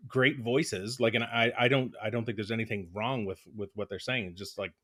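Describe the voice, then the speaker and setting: A man co-hosting a podcast in casual conversation, speaking haltingly with frequent restarts as he searches for his words. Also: fairly low pitch, steady tone, a bit bright. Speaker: podcast co-host.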